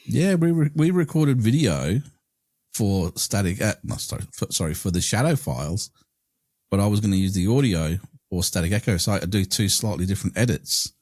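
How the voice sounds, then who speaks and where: Male podcast host, low pitch, dry booth sound, relaxed chatty delivery. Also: normal speed, no room sound. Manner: chatty, laughs easily. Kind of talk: casual chat.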